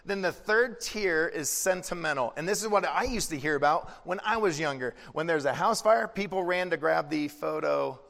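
A man's voice: fairly high pitch, moderate pace, gravelly, few pauses, fairly bright tone, big-room sound. A man pastor giving a conversational, joking sermon.

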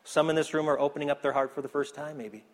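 A man preaching a sermon as pastor in a church, earnest, rising to emphasis then dropping soft. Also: on the high side, steady tone, fast talker. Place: church sanctuary. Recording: echoey hall.

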